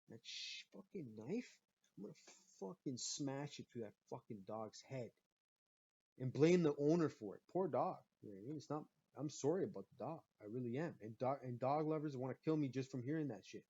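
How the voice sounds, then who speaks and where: A man hosting a podcast and ranting in a profane, animated way about his own stories. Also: medium pitch, husky. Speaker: podcast host. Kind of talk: profane comedic rant. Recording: muffled lo-fi recording.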